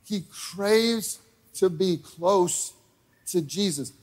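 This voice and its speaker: A man preaching a sermon in a church, talking casually with lots of "like", rising to shouted peaks and dropping to quiet asides. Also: high-pitched, very slow. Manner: casual wording with many fillers like "like". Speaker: pastor. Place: church sanctuary.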